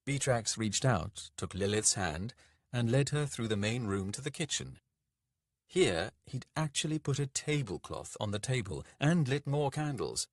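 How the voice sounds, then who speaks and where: A man narrating an audiobook in a gentle, measured reading. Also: medium pitch, animated, no echo, studio quality. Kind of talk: scripted narration.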